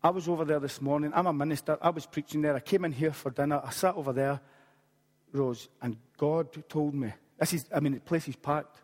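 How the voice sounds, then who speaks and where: A man in his late forties preaches with a slightly raised voice, telling a story with quick humorous asides. His words ring out with a long reverb, as if in a large hall. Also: fairly high pitch, steady tone. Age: late 40s. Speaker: pastor. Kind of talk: sermon.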